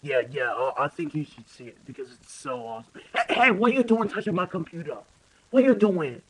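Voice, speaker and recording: A man's voice: medium pitch, very animated, a little fast, vocal fry, a bit bright, pitched below the performer's own voice, low-quality recording. A man voicing a goofy, easily upset male movie star in an improvised comic voice-over, with whiny, exaggerated complaints. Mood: boastful.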